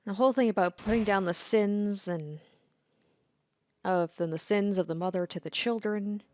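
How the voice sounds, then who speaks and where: A woman's voice: mid-range voice, steady tone, normal speed, darkish tone, no room sound. Woman chatting thru a let's play, musing, dry close sound. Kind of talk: casual game commentary.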